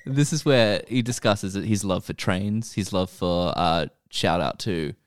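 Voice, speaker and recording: A man's voice: low-pitched, a little slow, a little hiss or hum. A man co-hosting a podcast, rambling through a jokey retelling of a show with frequent restarts. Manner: rambling, joking storyteller who restarts often. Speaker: podcast co-host. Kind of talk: casual chat recapping a show.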